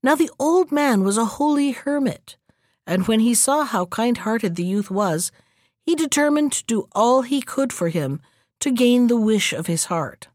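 Lively woman reading a fairy tale. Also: fairly high pitch, unhurried, no echo, studio quality. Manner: lively, expressive. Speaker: narrator. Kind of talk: storybook reading.

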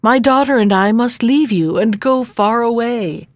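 A woman's voice: a little high, unhurried, dry recording, clean studio sound, lightly acted. A woman voicing a scheming noble lady who speaks in a tender, persuasive way. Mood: coaxing.

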